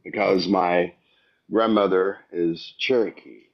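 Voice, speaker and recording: A man calling in to a live stream, talking in a slow, measured, calm way. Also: sits low. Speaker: caller. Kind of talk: casual debate. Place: lives in Central America. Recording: muffled call audio.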